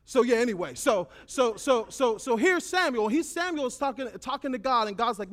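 A man with a high, bright voice preaches to young people. He tells the story in a loose, slangy, joking way and keeps it animated. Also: normal speed, hardly any pauses. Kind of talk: casual storytelling sermon.

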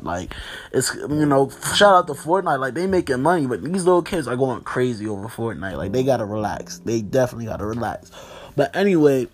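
A man in his twenties tells a story on his podcast with a medium-pitched voice that swings widely, talking briskly. It's a casual, rambling, profane monologue loaded with "like" and "you know."

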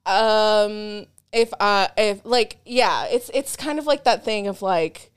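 A young woman in her twenties co-hosting a podcast in casual chat, blunt and expressive, swearing freely. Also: medium pitch, takes it slowly, smooth. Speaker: podcast co-host.

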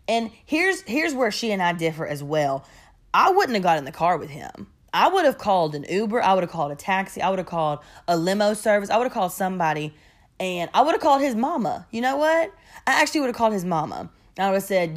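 A young woman spins a story in a casual, gossipy way. Her voice leaps up with excitement and drops low for asides, with a medium pitch and loud, expressive delivery. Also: quick pace.

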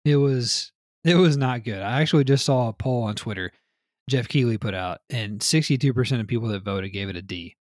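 A man co-hosts a casual gaming podcast, reading out news items and then riffing on them in loose chatter, swearing often. His mid-range voice is fairly quick, recorded at studio quality with no room sound.

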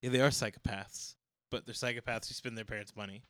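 A man co-hosting a podcast, chatting casually and goofing around with jokes and loud silly outbursts. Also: medium pitch, steady tone, fast, no echo. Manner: goofy, jokey, bursts into loud silly singing. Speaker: podcast co-host. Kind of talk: casual banter.

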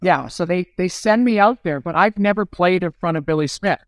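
Man, fifties, podcast guest, animated storyteller, slightly high voice, dry close mic. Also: fairly quick, no echo. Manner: lively anecdotes, acts out quoted lines. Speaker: guest, former pro hockey goalie.

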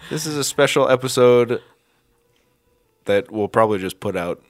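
A man's voice: medium pitch, lively intonation, moderate pace, no echo, studio quality, soft background music. A young man co-hosting a casual podcast chat, playful and joking, laughing often. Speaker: podcast co-host.

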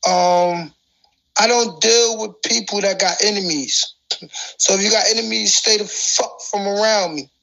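Woman rambling and cackling, gravelly, bright edge, slow drawl. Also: medium pitch, poor audio. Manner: laughs constantly, crude, boastful, rambling. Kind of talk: casual rambling chat.

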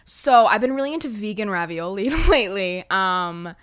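Chatty teenage girl, bright and rambling. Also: mid-range voice, expressive, normal speed, clear, resonant tone. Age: teens. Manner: rambling, self-deprecating, heavy use of "like" and "um". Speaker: podcast host. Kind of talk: casual solo podcast chat.

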